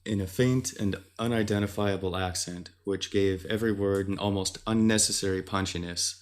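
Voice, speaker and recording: A man giving measured, scripted narration of a fantasy story. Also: low-pitched, steady tone.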